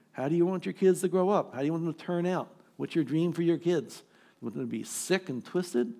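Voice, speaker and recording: A man in his sixties, a pastor, preaching an emphatic, exhorting sermon with dramatic pauses. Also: fairly high pitch, a little mellow. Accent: American. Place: church sanctuary.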